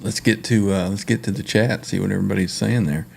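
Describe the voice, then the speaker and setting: A man's voice: sits low, fairly even intonation, fast talker, gravelly, a little mellow, a little hiss or hum. A man hosting a casual livestream, greeting viewers and reading their comments aloud with frequent laughs. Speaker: livestream host.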